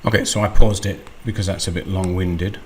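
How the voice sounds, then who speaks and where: A man hosting a screen-recorded software walkthrough, unhurried and thinking aloud with frequent ums. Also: sits low, steady tone, slight background noise. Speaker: tutorial host.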